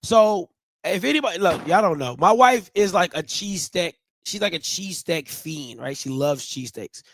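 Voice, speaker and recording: A man's voice: high-pitched, animated, moderate pace, fairly bright tone, dry recording. A man from Ohio telling a casual, slangy story to his viewers, repeating and restarting phrases as he goes. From Ohio, USA. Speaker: vlogger.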